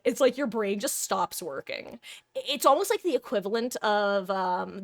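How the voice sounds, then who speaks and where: A woman's voice: medium pitch, fairly bright tone. A woman livestreamer chatting casually with her viewers, rambling along with frequent restarts and laughs. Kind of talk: casual chat with stream viewers.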